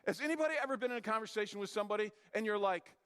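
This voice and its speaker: A man's voice: high voice, expressive, very fast, a bit bright, clear, resonant tone, long reverb tail. A man preaching a sermon as pastor, talking conversationally, asking the audience questions and acting out the voices he quotes.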